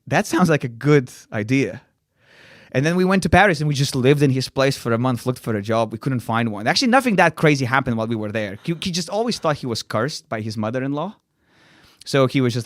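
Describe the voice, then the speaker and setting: A man's voice: medium pitch, no echo, clean studio sound. A young man from Lithuania with a Lithuanian accent, a comedian telling a wild story in casual chat, acting out quotes and laughing often. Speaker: comedian guest.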